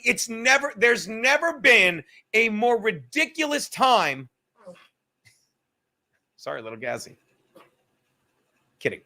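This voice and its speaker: A man hosting a live-stream podcast, his voice sitting high and ringing bright. He rants with constant swearing and speaks straight to viewers and commenters by name. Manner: profane, ranting, talks straight to viewers and commenters. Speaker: podcast host. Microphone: computer mic on a live stream.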